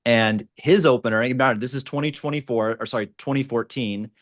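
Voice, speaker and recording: A man working as a dating coach, telling a laid-back, animated anecdote over a video call on a panel. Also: mid-range voice, moderate pace, no echo, clean studio sound. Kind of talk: casual panel storytelling.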